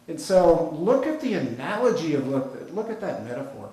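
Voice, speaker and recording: A man's voice: fairly high pitch, very animated, normal speed, dark tone. A man preaching a sermon with an American accent, talking in a conversational, folksy storytelling way with casual asides. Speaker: pastor. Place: church sanctuary. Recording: very echoey church hall.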